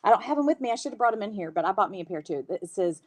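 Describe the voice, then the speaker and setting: A woman in her fifties with a Southern accent chats on a livestream, answering viewer comments and laughing as she goes. Her voice swings up and down in a lively way. The sound is dry and close, with no room echo. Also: mid-range voice, rapid-fire. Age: 50s. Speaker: host. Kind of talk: casual livestream chat.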